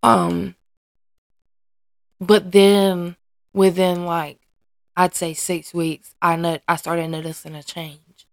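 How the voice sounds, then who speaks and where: Taking it slowly and pausing often, a woman with a lowish voice and flat delivery hosts her own podcast, with no room sound. She's a mother sharing her life candidly and hesitantly, restarting and searching for words in an earnest, emotionally open way.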